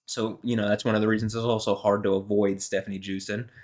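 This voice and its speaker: A man's voice: fairly low pitch, flat delivery, fast talker, darkish tone. A man vlogging alone, talking in a meandering, heated way with lots of fillers and some swearing. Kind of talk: rambling solo monologue.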